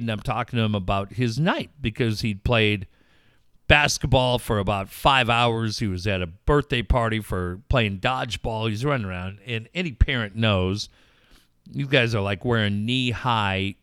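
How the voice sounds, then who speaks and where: A middle-aged man in a radio studio, talking in casual, profane banter as he spins an animated story. His voice sits at an average pitch and sounds close and dry, with no room around it. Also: normal speed, clear, resonant tone, no echo. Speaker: radio show co-host.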